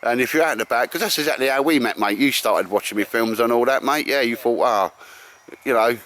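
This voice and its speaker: A bushcraft vlogger with an Essex accent chats casually to camera outdoors in the woods, rambling in a matey way and calling everyone mate. His medium-pitched voice is fairly bright and he talks fast.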